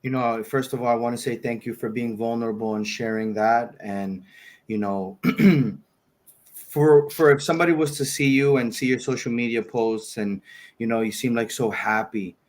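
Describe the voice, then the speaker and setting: A man's voice: medium pitch, normal speed, darkish tone. A man hosting a panel talk, thanking his guest and pointing viewers to support in a supportive, conversational way. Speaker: host.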